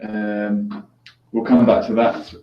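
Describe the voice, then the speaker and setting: A man's voice: lowish voice, monotone, slow, slight background noise. A man hosting a call-in show, chatting casually with callers, joking and laughing easily. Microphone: headphones on, mic at a distance. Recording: echoey room, distant dull lo-fi mic.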